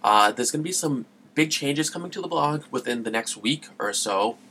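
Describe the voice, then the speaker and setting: A man's voice: mid-range voice, expressive, normal speed, sharp tone, slight background noise. A man hosting a gaming podcast in a casual, rambling way who gets sidetracked and laughs at himself. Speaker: podcast host.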